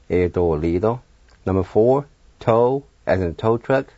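Man teaching a language lesson, slow and patient, lowish voice, dull dry radio sound. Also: lively intonation, dark tone, dry recording. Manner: slow, patient, spells words out letter by letter; encouraging.

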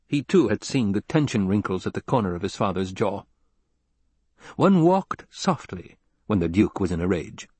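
Male narrator, husky, mid-pitched, dry close sound, steady audiobook read. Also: no room sound. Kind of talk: scripted narration.

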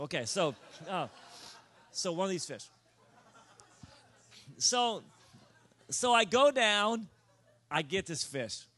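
A man telling a comic personal story in a sermon, animated and building to near-shouts. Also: high voice, slow, pauses often.

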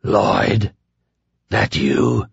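A man voicing a ruined, radiation-sick man who is childlike and ecstatic, speaking slowly with a bubbling, pleading manner. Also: on the low side, flat delivery, vocal fry, breathy edge, no room sound, dull audio, heavily acted. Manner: slow, bubbling, pleading delivery.

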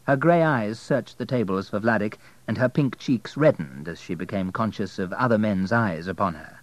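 A man's voice: lowish voice, moderate pace, no echo, poor audio. Man narrating an audiobook, dry sound.

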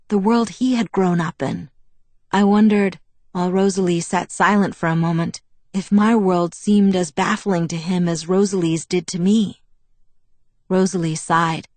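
A woman's voice: mid-range voice, a little mellow, no echo. Woman narrating an audiobook, dry sound. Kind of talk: first-person novel narration.

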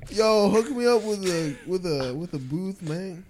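A woman's voice: fairly low pitch, lively intonation, measured pace, over a noisy crowd. A woman playing a cocky young male party bro in an improvised comedy sketch, drawling slang and tacking "yo, man" onto everything. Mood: swaggering. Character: cocky young male party bro who shouts his own name.

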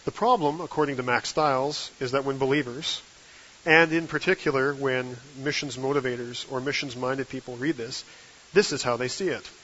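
A man preaches a sermon at an ordinary middle pitch, building his points steadily and leaning hard on the key phrases. The recording sounds a little dull and muffled, with a faint hiss under his voice. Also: moderate pace, sharp tone. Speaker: guest preacher.

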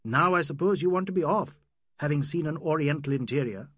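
A man's voice: on the high side, very animated, moderate pace, breathy edge, dry recording, studio quality, voice pushed up. A man voicing a heated, proud young Indian doctor. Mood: sardonic. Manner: sardonic, then earnest and pleading.

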